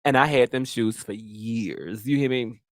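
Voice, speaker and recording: A man's voice: medium pitch, measured pace, no echo, studio quality. A man hosting his show, telling a story in a brash, profane, sassy way. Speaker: host. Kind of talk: casual storytelling.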